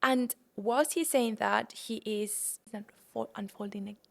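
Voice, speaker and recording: A young woman from the UK and Spain, hosting a podcast and telling a travel story in a casual, animated way, often calling her listeners "guys". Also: on the high side, unhurried, vocal fry. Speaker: podcast host.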